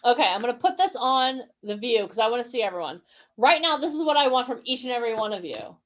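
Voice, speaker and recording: A woman's voice: on the high side, very animated, fast talker, a bit bright. A woman coaching actors and models in a motivational online workshop. She talks energetically, encourages her listeners and keeps asking them questions.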